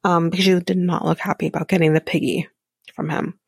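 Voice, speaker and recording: Low gravelly-voiced woman recapping TV. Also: flat delivery, fairly quick, dry recording. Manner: chatty with wry sarcastic asides. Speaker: podcast host. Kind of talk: casual TV episode recap.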